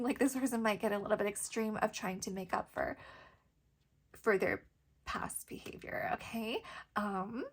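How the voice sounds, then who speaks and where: Young woman reading tarot cards, kinda high voice, chatty, giggles a lot, loads of likes and ums. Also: slightly rough. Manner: chatty, giggly, filler-heavy. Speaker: tarot reader.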